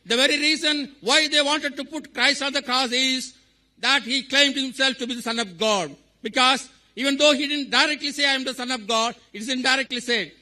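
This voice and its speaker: A man's voice: extremely high pitch, pushed and bright, poor audio. A man, a teacher, asking a long question from the audience, earnestly quoting scripture in formal phrasing. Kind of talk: public Q&A question.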